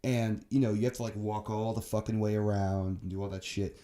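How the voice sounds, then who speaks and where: A young man with a mellow, dark-toned voice rants on a podcast, cursing freely as he vents. His delivery is heated and profane, with the loose rhythm of casual chat between co-hosts. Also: lowish voice, steady tone, brisk. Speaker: podcast co-host.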